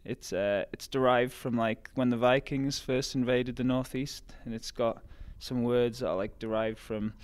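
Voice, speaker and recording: A man's voice: medium pitch, moderate pace, few pauses, clear, resonant tone. A young man from Newcastle with a Geordie accent, a college runner chatting casually as an interview guest, with lots of "like" and "um". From Newcastle, England. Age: young adult. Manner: relaxed, many fillers like "like" and "um".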